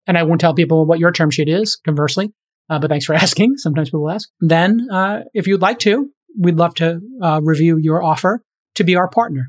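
A speaker giving casual, emphatic advice on startup fundraising and valuations, often acting out example conversations. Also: mid-range voice. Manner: brisk and emphatic, acts out example dialogues.

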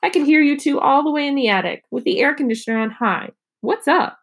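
A woman's voice: high voice, expressive, fairly quick, voice pushed up. Woman reading as a tired, worried mother.

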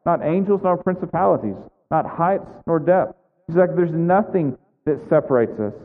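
A man's voice: on the high side, expressive, normal speed. Man preaching over a tinny line. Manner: conversational preaching with frequent "right?". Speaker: pastor. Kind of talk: sermon. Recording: tinny phone-like sound with long hall reverb.

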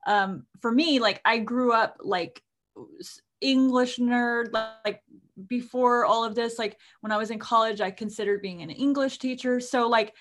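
A woman's voice: a little high, steady tone, unhurried, a bit bright. A middle-aged woman co-hosting an author podcast, chatting casually and rambling with lots of fillers. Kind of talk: casual chat.

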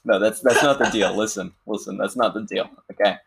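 A man's voice: lowish voice, fairly even intonation, fairly quick, gravelly, fairly bright tone, breathy edge. A man teasing his friends in a casual chat while gaming, laughing often.

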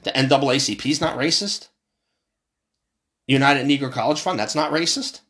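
A fired-up man rants straight into the camera. He swears constantly, and his voice leaps up sharply before sinking back down. His voice sits at a middling pitch. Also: normal speed, a bit bright. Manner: profane, fired-up and passionate, voice jumping high then dropping low. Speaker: commentator. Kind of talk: heated political rant.

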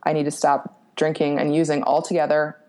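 A woman's voice: sits low, level tone, a little fast, darkish tone. A young woman from Pennsylvania, a podcast guest, frankly telling a personal story with plenty of fillers, casual swearing and laughs at herself. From Pennsylvania, USA.

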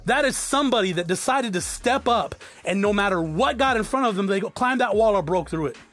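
A man in his forties from South Tucson, Arizona, an entrepreneur vlogger, delivers a blunt, profane, preachy motivational monologue to camera, calling his viewers "guys." His voice is high and fairly bright, with lively intonation and a brisk pace. Soft music plays in the background.

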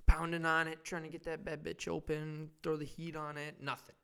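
A man's voice: a little high, fairly even intonation, moderate pace, vocal fry, few pauses, a bit bright, clear, resonant tone. A young man hosting a solo comedy podcast, rambling and self-mocking, swearing constantly. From Wisconsin. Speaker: podcast host.

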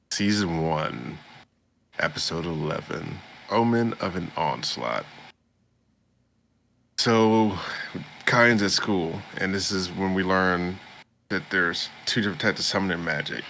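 A man's voice: deep voice, vocal fry, a bit bright, slight background noise. A man co-hosting a podcast, casually recapping a show episode in a rambling way and slipping into quoted voices. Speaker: podcast co-host.

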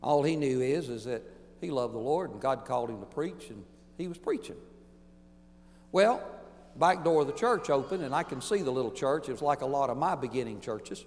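A pastor preaching a sermon emphatically, swinging between booming declarations and hushed asides. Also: male voice, expressive, normal speed, big-room sound, a little hiss or hum.

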